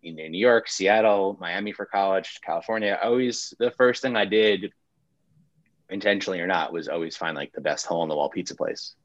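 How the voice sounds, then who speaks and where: A laid-back man with a very low voice tells his story in relaxed, casual chat. He swears freely and acts out what people said. The recording sounds a little dull and lo-fi. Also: brisk, dry recording. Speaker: pizzeria owner.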